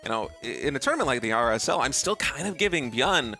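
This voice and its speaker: A man's voice: mid-range voice, big pitch swings, quick pace, creaky, sharp tone, faint music behind. A man casting a live esports match, upbeat as he hypes the next game. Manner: upbeat, hyping the next map. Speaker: esports caster.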